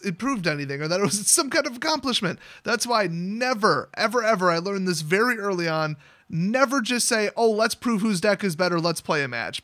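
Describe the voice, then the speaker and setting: A man's voice: sits high, sharp tone. A young man telling a card game story in a casual, sarcastic, exasperated rant. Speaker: card game content creator.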